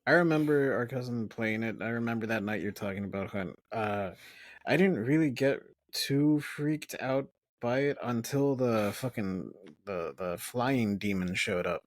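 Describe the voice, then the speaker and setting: A man co-hosting a podcast talks casually about old memories. His pitch sits in the middle and he laughs often. The room is dry with no echo. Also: measured pace. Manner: laid-back, swears, laughs often. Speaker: podcast co-host. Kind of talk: casual chat.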